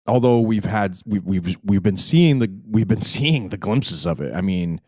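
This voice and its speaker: A man's voice: on the low side, animated, moderate pace, no echo. A man hosting a live podcast, rambling and emphatic, with frequent restarts. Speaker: podcast host.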